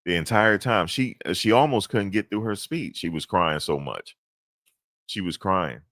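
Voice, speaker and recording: A man recapping events in a casual, animated storytelling manner, slangy and repetitive. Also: low-pitched, unhurried, dry recording, studio quality. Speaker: commentator recapping a court hearing.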